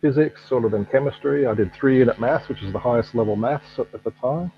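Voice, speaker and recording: A man in his fifties with an Australian accent, chatting as a guest in a relaxed, self-deprecating way. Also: mid-range voice, fast, lo-fi sound, a little hiss or hum. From United States. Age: 50s. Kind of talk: casual chat. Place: home at night.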